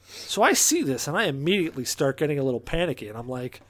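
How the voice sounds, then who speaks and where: Man with a higher voice, telling a story. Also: quick pace. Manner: animated, profane anecdote-telling with quoted dialogue. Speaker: podcast co-host. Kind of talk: casual storytelling chat.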